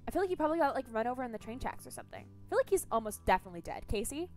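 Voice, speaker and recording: A young woman streaming a story game, chatting casually, swearing freely and thinking out loud. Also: a little high, big pitch swings, rapid-fire, soft background music. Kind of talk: casual gameplay commentary.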